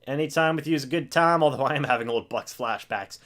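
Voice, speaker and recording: Quick-paced and mid-range, a man's voice carries a live game reaction stream: he calls each play, pleads with the players, and excitedly jokes about himself as the loss unfolds.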